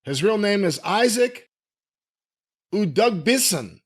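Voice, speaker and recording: A man with a high, lively voice that swings up and down chats casually on a podcast. He needles and playfully challenges his co-host. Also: slow.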